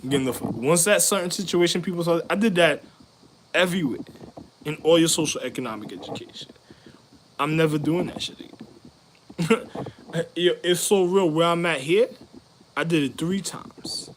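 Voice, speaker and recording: A man in a rambling, profane monologue, full of street slang, jumping between loud laughing outbursts and low mutters. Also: lively intonation, a little fast, a little hiss or hum.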